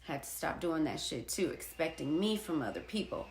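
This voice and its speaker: A woman's voice: low-pitched, lively intonation, normal speed. Blunt, profane woman telling a story in an echoey room. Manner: blunt and profane, emphatic repetition. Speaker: artist and poet sharing a personal story. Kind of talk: candid personal storytelling.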